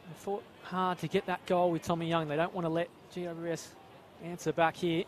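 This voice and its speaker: A man's voice: on the high side, flat delivery, fairly quick. A man with an Australian accent giving chatty live football analysis, with some hesitant restarts. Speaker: expert commentator. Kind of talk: live sports commentary.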